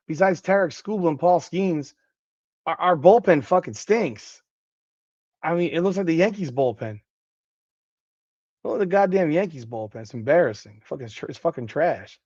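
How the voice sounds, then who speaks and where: A man's voice: fairly high pitch, darkish tone, dry recording, muffled recording. A man hosting a casual livestream podcast, talking bluntly with lots of swearing and repeating himself as he reacts. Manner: greets chat viewers by name. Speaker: podcast host.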